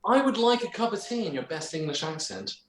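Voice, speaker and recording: A man's voice: sits high, sing-song, a little fast, fairly bright tone. A man hosting a casual panel chat, laughing often and swearing casually. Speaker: host. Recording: roomy echo.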